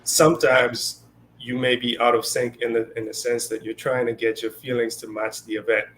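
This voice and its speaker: A man's voice: mid-range voice, level tone, normal speed, a bit bright, slight background noise. A man co-hosting a casual spiritual discussion, talking loosely with lots of fillers and acted-out quotes. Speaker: co-host.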